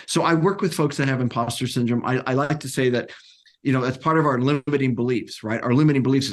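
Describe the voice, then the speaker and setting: A man career coach talking casually as a podcast guest, animated and acting out quotes, with frequent restarts. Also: medium pitch, a little fast. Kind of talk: casual interview talk.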